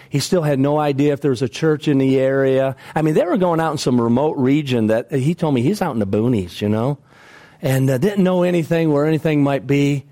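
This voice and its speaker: A male pastor preaching a sermon, telling a story emphatically, repeating phrases and dropping his voice low and soft at the sad parts.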